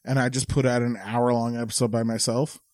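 A man's voice: mid-range voice, flat delivery, a little fast, a little mellow, no room sound, clean studio sound. A man, a stand-up comedian, chatting casually on a podcast after a few drinks, rambling with lots of filler words and swearing. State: tipsy.

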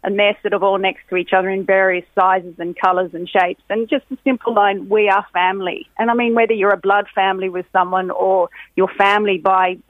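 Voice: mid-range voice, level tone, a little fast, few pauses, no room sound. Cheerful guest on a phone line. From Australia. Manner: cheerful, chatty. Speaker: guest, graphic designer. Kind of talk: interview over the phone.

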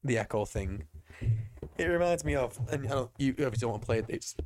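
Speaking fast in a mid-range voice, this man co-hosts a laid-back movie podcast. Hiccuping as he drinks, he rants at the film in an animated way, swears, and puts on mocking voices for quotes.

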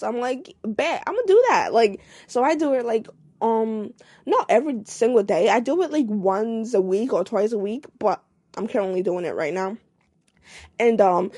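Young female podcast host, casual solo rant, animated and slangy; higher voice, dry close sound. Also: dry recording.

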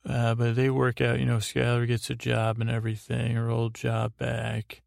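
Male podcast host, gravelly and monotone, dry close sound, meandering recap delivery. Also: medium pitch, moderate pace, no echo. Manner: meandering, full of restarts and quoted lines in his own voice. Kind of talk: rambling sleepy episode recap.

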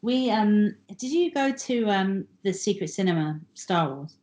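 Woman, podcast guest, lively storytelling, acts out voices, casual swearing. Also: mid-range voice, unhurried.

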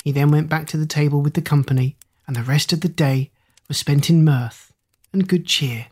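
A narrator reading an old fairy tale aloud in a measured, even way. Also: mid-range voice, slightly rough. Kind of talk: storybook narration.

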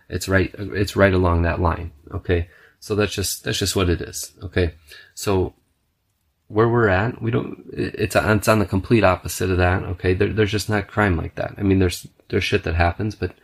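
Deep-voiced male podcast host, swearing, scattered, storyteller energy. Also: vocal fry. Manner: profane, rambling, punctuates with "okay"; restless, self-described scatterbrained. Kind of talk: casual storytelling monologue.

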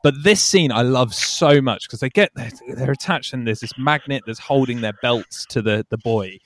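A man's voice: mid-range voice, moderate pace, fairly bright tone, no room sound. A British man co-hosting a film podcast, chatting casually and enthusiastically, often laughing and acting out scenes. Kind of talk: casual chat.

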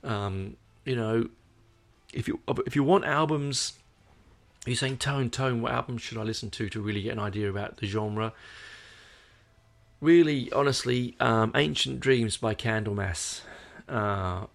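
A man's voice: mid-range voice, unhurried, gravelly. A tired Australian man chatting casually to his viewers as host, rambling with many hesitations and fillers. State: tired, yawning. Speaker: podcast host.

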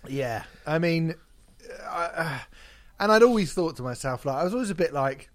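Guy on a podcast, swears a lot, voice jumps all over the place. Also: on the high side. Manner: animated, swearing storyteller, quick to laugh. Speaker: podcast host. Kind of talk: casual chat.

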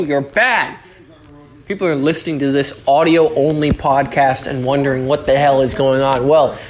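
A man hosting a casual solo podcast, joking around, swearing a lot and breaking into sudden yells. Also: fairly high pitch. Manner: profane, joking, with sudden yelling outbursts. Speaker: podcast host.

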